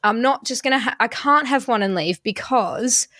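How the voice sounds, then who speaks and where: A woman's voice: fairly high pitch, normal speed, bright, forceful tone, no echo. Chatty young woman host, dry close sound. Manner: chatty, swears freely, acts out quotes. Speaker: podcast host. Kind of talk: casual chat. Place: London.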